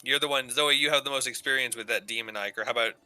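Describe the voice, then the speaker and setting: Sharp-voiced rambling male player. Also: mid-range voice, fairly even intonation, quick pace, no room sound, faint music behind. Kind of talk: casual game chat.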